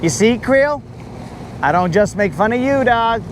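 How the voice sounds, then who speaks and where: A man's voice: very high-pitched, animated, measured pace, background noise. A man chatting casually and teasing his brother while fishing from a boat on a lake. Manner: teasing, joking banter. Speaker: fishing vlogger. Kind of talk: casual live-stream chat.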